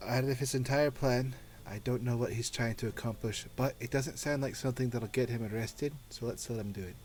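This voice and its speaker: A man's voice: medium pitch, fairly quick, darkish tone. A man playing a tabletop game, dry and teasing with his friends. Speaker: player. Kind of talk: tabletop role-play chat.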